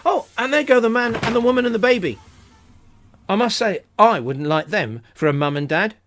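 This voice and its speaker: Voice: mid-range voice, expressive, fairly bright tone, pitched above the performer's own voice, natural voice. A storyteller voicing an eager schoolboy who talks in a hurry. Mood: chatty. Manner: eager, hurried. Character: excited schoolboy, eager and breathless. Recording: hissy home recording.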